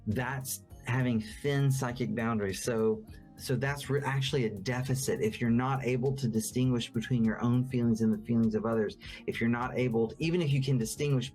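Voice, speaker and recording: A man's voice: medium pitch, a little mellow. A man teaching as a therapist in a conversational, explanatory way, acting out quoted examples now and then. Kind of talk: educational talk.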